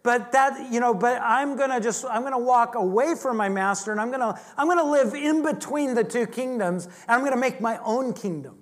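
Guy with a high voice giving a casual sermon, jokey, restarts a lot. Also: brisk, hardly any pauses. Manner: chatty and joking, with frequent restarts. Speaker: Bible teacher. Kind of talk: conversational sermon.

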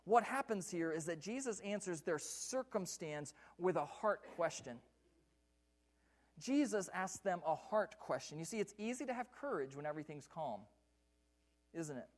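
A man's voice: sits high, very animated, moderate pace. A man preaching a sermon from a church pulpit, repeating key lines and putting questions to the congregation. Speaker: pastor.

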